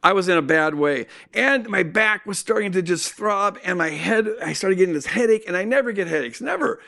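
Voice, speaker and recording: A man telling a personal story in a sermon, animated and acting out what people said. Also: high-pitched, brisk, creaky. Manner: animated storytelling with acted-out quotes. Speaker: speaker.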